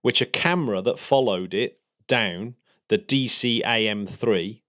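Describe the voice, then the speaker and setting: A man's voice: lowish voice, unhurried, a bit bright. A man co-hosting a casual space podcast, rambling enthusiastically through the week's news. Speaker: podcast co-host.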